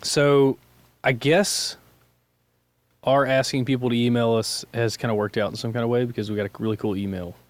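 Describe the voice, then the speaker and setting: A man hosting a casual podcast, talking in a relaxed, loose way and laughing often. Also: mid-range voice, normal speed, dry recording. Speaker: podcast host. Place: podcast studio.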